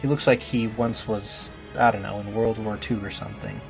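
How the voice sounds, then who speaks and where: A man's voice: lowish voice, fairly even intonation, normal speed, creaky, faint music behind. A man playing a game and trying out character voices, chatting casually in a self-deprecating way.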